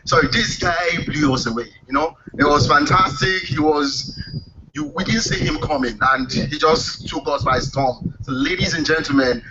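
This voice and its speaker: A man's voice: on the high side, moderate pace. A man hosting a live event, casually introducing the next performer to the crowd. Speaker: event host. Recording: muffled live recording with background noise.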